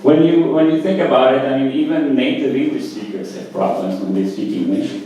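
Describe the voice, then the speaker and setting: A man performing open mic stand-up comedy at a small cafe, talking in a casual, halting way with lots of fillers. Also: medium pitch, warm tone, heavy reverb, recorded from a distance, highs cut off, a little hiss or hum. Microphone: handheld stage mic.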